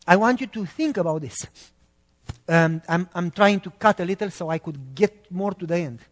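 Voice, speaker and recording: A man from Romania, preaching a sermon in an animated, emphatic way. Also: high-pitched, moderate pace, big-room sound.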